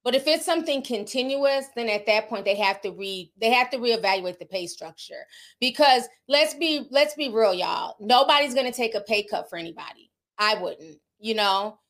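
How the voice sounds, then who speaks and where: A woman's voice: a little high, animated, moderate pace, fairly bright tone. Chatty Southern woman gossiping with her viewers. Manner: chatty, candid, laughs often, reacts to viewer comments. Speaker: livestream host reading chat. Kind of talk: casual celebrity gossip chat.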